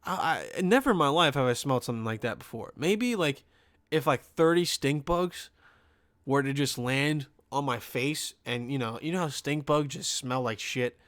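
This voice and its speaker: A young man from Pennsylvania hosting a podcast, telling a funny story in a rambling, profane, animated way. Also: mid-range voice, normal speed, no room sound, studio quality. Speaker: podcast host. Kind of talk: comedic storytelling.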